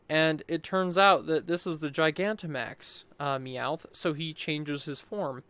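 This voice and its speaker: A man's voice: fairly high pitch, unhurried, hardly any pauses, smooth, no echo. A young man talking casually over his gameplay footage, rambling and restarting his sentences as he recounts a battle. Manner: rambling, restarts often, chatty and animated. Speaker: gameplay commentator.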